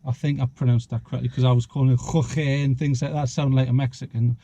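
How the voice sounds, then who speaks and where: A man's voice: medium pitch, little pitch movement, fast talker, warm tone, no echo, muffled recording. Joking man outdoors. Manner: joking, rambling, chuckles often. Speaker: vlog host. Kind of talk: casual outdoor chat. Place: outdoors in a small town street.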